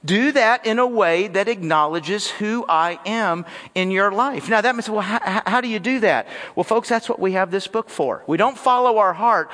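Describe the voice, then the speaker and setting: A man preaching a sermon as pastor, lively and addressing the congregation directly. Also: high-pitched, normal speed, hardly any pauses, in a large hall. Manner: animated preaching, talks straight to the congregation. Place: church sanctuary.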